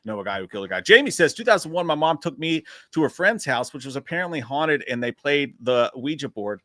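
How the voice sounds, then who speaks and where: A man's voice: on the high side, big pitch swings, fast, pushed and bright, no room sound, studio quality. A man co-hosting a casual live stream, reading viewer comments aloud and chatting in a laid-back, profane way.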